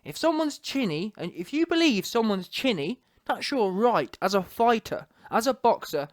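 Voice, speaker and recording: A man's voice: sits high, sing-song, normal speed, no echo, studio quality. A man, a boxing commentator ranting casually to camera, emphatic and digressive, full of street slang.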